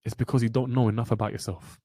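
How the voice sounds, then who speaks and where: Fast and flat, with a dark mid-range tone and no room sound, a young trading mentor delivers a motivational webinar lecture. He comes across as blunt and preachy, passionate, and given to repeating lines for emphasis.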